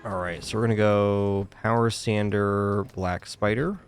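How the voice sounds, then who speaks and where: A man streaming a game, giving casual commentary and weighing his choices out loud. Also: on the low side, fairly even intonation, a little slow, faint music behind. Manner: thinks aloud, weighing choices.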